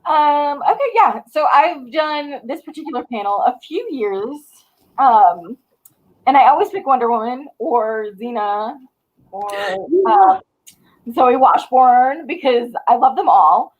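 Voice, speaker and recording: A woman's voice: high-pitched, lively intonation, slow, narrow, tinny audio. A woman on a fan convention panel, talking enthusiastically and laughing often. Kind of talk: casual panel chat on a video call.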